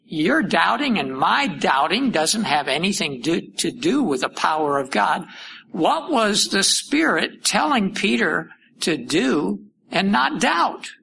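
Slow, gravelly preacher teaching scripture. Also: male voice, sits high, very animated, sharp tone, slight background noise, low-quality recording. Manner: slow, deliberate Bible teaching with rhetorical questions. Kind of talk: sermon.

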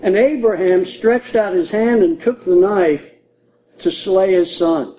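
A man's voice: high voice, slow, warm tone, low-quality recording. An older man preaching a conversational sermon to a congregation in a church, repeating key phrases for emphasis. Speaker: pastor.

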